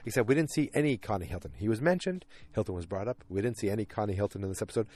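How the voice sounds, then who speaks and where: Rambling, low-voiced male podcast host. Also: animated, fast talker, few pauses, a little mellow. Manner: rambling, chatty, many fillers. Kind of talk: casual episode recap.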